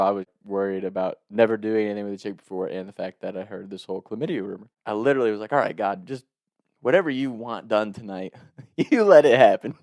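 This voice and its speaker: Casting: man, lower voice, dry close sound, chatty comic storyteller who keeps cracking up. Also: no room sound. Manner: laughs often, animated, swearing, filler-heavy. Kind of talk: casual comedic storytelling.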